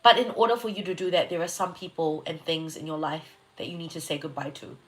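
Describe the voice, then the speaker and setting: A woman's voice: deep voice, steady tone, fast talker. Giggly chatty New woman streaming. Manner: chatty, giggly, swears, reacts to viewer comments. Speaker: astrologer hosting a live reading. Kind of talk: casual livestream chat.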